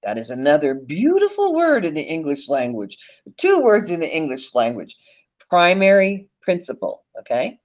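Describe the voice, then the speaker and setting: A woman presenting an animated teaching monologue, speaking emphatically, calling listeners "folks" and swearing casually. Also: sits low, moderate pace, lo-fi sound. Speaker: online presenter.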